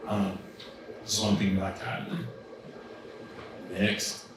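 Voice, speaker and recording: Man, workshop presenter, relaxed and chatty, lowish voice; distant mic in a very echoey hall with faint hiss. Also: a little slow. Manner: loose and conversational, many ums and likes. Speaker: business coach presenting at a trade event. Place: large event room with an audience.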